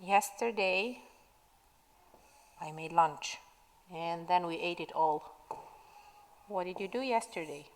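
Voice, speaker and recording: A woman's voice: lowish voice, slow pace, pauses often, big-room sound, rough recording. A woman teacher recording a spelling lesson for pupils at home, dictating words patiently from her classroom. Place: classroom at school.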